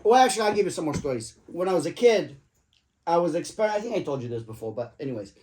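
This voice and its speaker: A man's voice: a little high, sing-song, fast talker, a little mellow. Rambling, profane middle-aged man. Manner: rambling, profane, jokey anecdotes. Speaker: father telling stories to his family. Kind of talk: casual storytelling at the dinner table.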